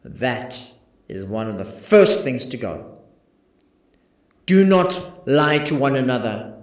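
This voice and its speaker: A man's voice: mid-range voice, darkish tone. A man preaching a sermon as pastor, emphatic and full of rhetorical questions. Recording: echoey, dull lo-fi recording.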